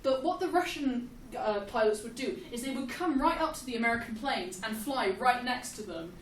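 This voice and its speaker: A young woman giving a casual, jokey history lesson, animated and laughing often. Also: a little high, moderate pace, far from the mic. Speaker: history explainer. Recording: echoey room, off-mic, faint hiss.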